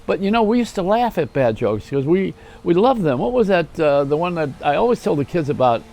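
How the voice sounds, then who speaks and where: A man's voice: a little high, very animated, fairly quick, darkish tone. An older man hosting a rambling, self-mocking comedy monologue, chuckling at his own jokes. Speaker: host.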